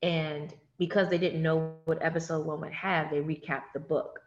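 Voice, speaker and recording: Low-voiced woman chatting casually. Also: muffled recording, faint music behind. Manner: animated, swearing, talks fast in bursts. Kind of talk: casual chat about a TV show.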